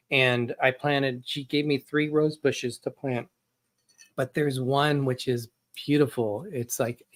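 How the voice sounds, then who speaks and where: A man co-hosting a casual chat show, telling stories in a rambling way and often restarting mid-sentence. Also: fairly high pitch. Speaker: co-host.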